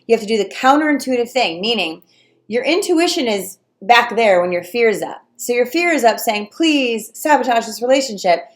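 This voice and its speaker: A woman coaching viewers on relationships in a casual talk, animated and acting out the voices of clients and fears. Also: on the high side, brisk. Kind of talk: casual direct-to-camera advice talk.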